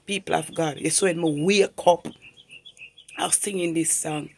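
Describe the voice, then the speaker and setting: A man giving an earnest personal testimony, repeating himself and bursting into loud emphatic exclamations. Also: fairly high pitch, fairly even intonation, normal speed, vocal fry, slightly rough. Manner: earnest, repetitive storytelling in creole-inflected English. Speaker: vlogger.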